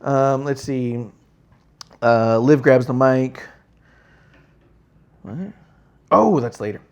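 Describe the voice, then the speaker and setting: Animated male wrestling podcast host. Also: takes it slowly, a little hiss or hum. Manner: animated, mimics wrestlers in exaggerated high voices. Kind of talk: casual chat.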